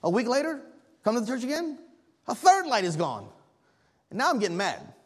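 A man preaching a sermon as pastor, telling a story in an animated way while the congregation answers back. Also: very high voice, brisk, slightly rough.

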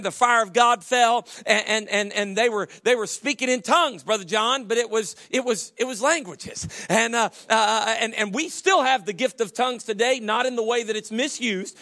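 Male preacher, high and bright-toned, folksy and joking, stumbling through restarts mid-sermon. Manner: stammering restarts, folksy humor. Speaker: pastor.

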